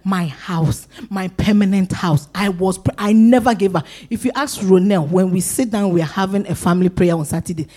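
A woman's voice: mid-range voice, moderate pace, few pauses, dark tone. A woman pastor preaching a sermon, exhorting her congregation with rising, emphatic pleas.

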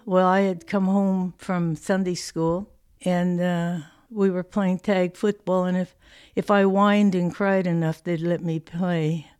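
Woman in her 80s, from California, low-pitched, lively storyteller, interview. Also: slow pace, smooth, dry recording, studio quality, faint music behind. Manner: lively anecdotal telling with quoted dialogue. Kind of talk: personal storytelling.

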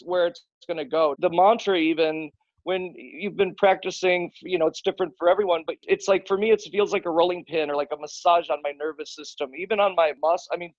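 A man with a somewhat high voice chats loosely on a podcast, often restarting his sentences and swearing casually. The sound is dry, close and a little muffled. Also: no room sound. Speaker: podcast guest, musician.

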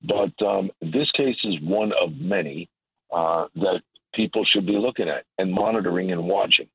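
A man with a low, husky voice drives home his points again and again in forceful political commentary. He comes through a narrow, tinny phone line that sounds dry and close. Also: moderate pace, dry recording. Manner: emphatic, repetitive, indignant. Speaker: guest commentator.

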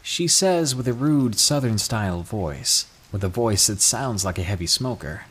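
A man reading true scary stories aloud, with an expressive storytelling delivery. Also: lowish voice, unhurried, few pauses, breathy edge. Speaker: narrator.

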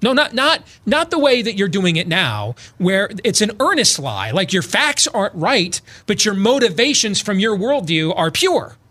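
A man's voice: very animated, moderate pace, hardly any pauses, fairly bright tone. A male talk show host, sarcastically paraphrasing others in comedic political talk with sudden put-on voices. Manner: sarcastic, mocking paraphrase with sudden high impressions.

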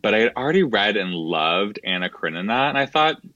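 A man who is a podcast guest, talking about a book with wry, deadpan humor. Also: fairly low pitch, brisk, no echo, muffled recording. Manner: wry, deadpan delivery with laughs. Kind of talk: casual podcast conversation.

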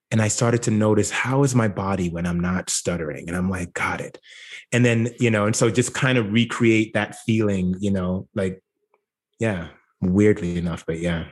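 A man born in Jamaica speaks as a guest on an interview podcast, his voice sitting fairly low. He talks in a relaxed, reflective way and often pauses on "like" and "you know.". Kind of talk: casual interview conversation.

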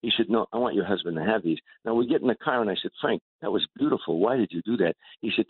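An older man, a comedian, telling stories with animated restarts in a radio interview over the phone. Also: fairly low pitch, fast talker, few pauses, slightly rough, no echo. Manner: animated storyteller with repeated restarts. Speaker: guest comedian. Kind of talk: casual radio interview storytelling. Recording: tinny phone line.

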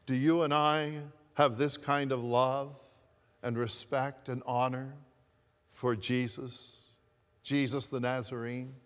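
A man preaching a sermon as pastor, speaking in a slow, deliberate way and repeating key phrases. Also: mid-range voice, flat delivery, in a large hall. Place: church sanctuary.

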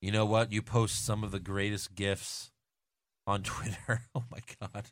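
A man's voice: fairly low pitch, level tone, unhurried, no echo, clean studio sound. A man co-hosting a podcast in casual banter, teasing and swearing, sneezing with hiccups. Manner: profane, teasing, rambling. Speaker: podcast co-host.

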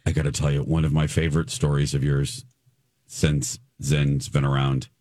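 A man's voice: little pitch movement, normal speed, mellow. A man hosting a morning radio show, playful and announcer-like in casual chat. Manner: playful, announcer-like, swings wide in pitch. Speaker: radio host.

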